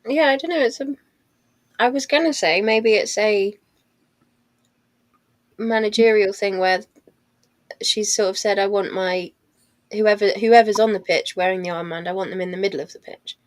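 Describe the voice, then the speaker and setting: Brief: woman panelist, mid-pitched, thoughtful and hedging, dry close recording. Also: moderate pace, pauses often, dry recording. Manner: thoughtful, hedging with "I don't know" and "like". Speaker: podcast panelist. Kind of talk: casual chat.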